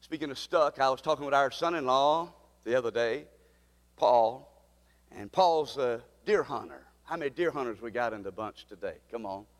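An older man, preaching a sermon, swinging from loud high calls down to low hushed lines as he quotes scripture. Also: lively intonation, moderate pace, in a large hall.

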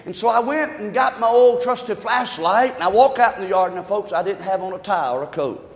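A preacher with an unusually high voice delivers a folksy, fervent sermon, chatting with his congregation and often raising his voice to a shout. His voice rings out through a church with a long, echoing reverb. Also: brisk. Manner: folksy storytelling with asides to the congregation. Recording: reverberant hall.

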